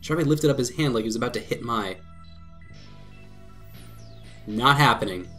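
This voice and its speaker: A man hosting a let's play, reading a visual novel aloud with quick laughs and commentary. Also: medium pitch, faint music behind. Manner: lively reading broken by laughs and asides.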